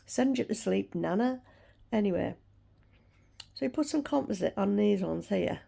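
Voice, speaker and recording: Woman in her 60s, gravelly, mellow, chatty rant to camera. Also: mid-range voice, lively intonation, normal speed. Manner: chatty, ranting, frank. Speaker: vlogger. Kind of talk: casual chat to camera.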